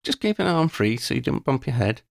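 Man playing a young witch leader, reassuring, decisive, lively intonation, dry close sound. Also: medium pitch, fairly quick, creaky, dry recording, pitched above the performer's own voice. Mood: firm, reassuring. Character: young witch leading a group, calm, firm, kind.

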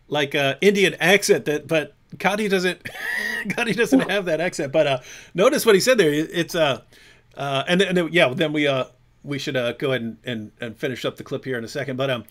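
A man's voice: fairly high pitch, fairly bright tone. A man hosting a live stream, reacting casually to a clip with chuckles and many fillers. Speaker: livestream host.

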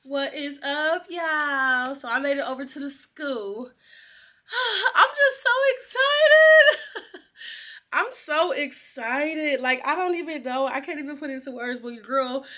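Excitable high bright-voiced woman vlogger. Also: a little slow. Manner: excitable, laughs often, slangy. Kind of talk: casual vlog chat.

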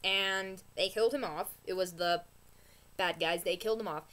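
A woman vlogger ranting casually about a TV episode, excitable and rambling, gasping and exclaiming as she talks. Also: lowish voice, moderate pace. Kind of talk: casual rant review.

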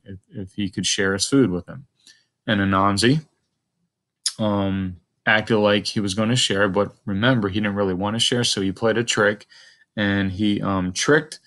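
Low-voiced man teaching a class. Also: fairly bright tone. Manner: thinks aloud, asks the listener questions. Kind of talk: modeling a close read aloud.

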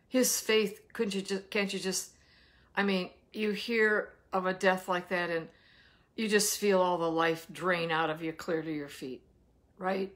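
A woman's voice: medium pitch, a bit bright. A woman giving a devotional Bible reading with commentary, earnest and emphatic, often asking her listeners rhetorical questions. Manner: reads scripture slowly with emphasis. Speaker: daily Bible reader and teacher.

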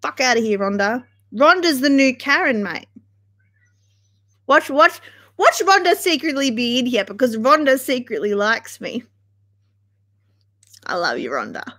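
A woman's voice: sits high, lively intonation, normal speed, bright, forceful tone. Chatty, foul-mouthed young woman streamer. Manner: chatty, swears freely, dramatic. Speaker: livestream host. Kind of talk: casual livestream chat.

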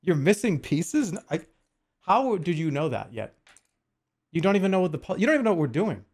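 Lively joking man in his forties. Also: high voice, brisk. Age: 40s. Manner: joking, swears often, chats to viewers while working. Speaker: streamer. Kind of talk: casual livestream chat.

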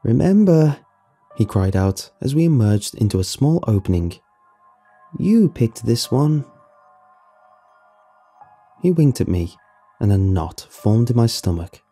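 Man, horror story narration, very dark tone, husky, lively pitch movement. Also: normal speed, faint music behind.

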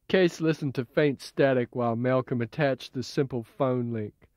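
A man reading his own novel as an audiobook in a measured, even way, heard as dull old tape. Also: mid-range voice, dry recording. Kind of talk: audiobook narration.

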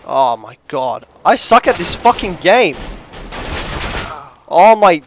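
A man commentating his own shooter gameplay, swinging between frustrated shouts, rants and quiet muttering. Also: on the high side, sing-song, unhurried, noisy background. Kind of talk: gaming commentary. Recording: game gunfire behind the voice. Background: gunfire from the game.

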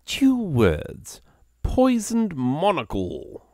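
A man voicing a pompous old-timey English gentleman in a plummy put-on voice, slow and theatrical. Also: a little high, wildly swooping pitch, no room sound, studio quality, pitched above the performer's own voice, heavily acted. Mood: mock grave.

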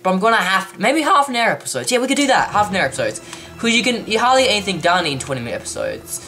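An excitable woman, gushing and squealing over a let's play. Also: medium pitch, racing, faint music behind. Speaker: gaming channel host.

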